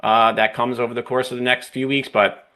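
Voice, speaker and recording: A man's voice: medium pitch, level tone, a little fast, sharp tone. A man analyzing the markets on a live trading stream, talking fluently and often tagging his phrases with "right?" and "you know.".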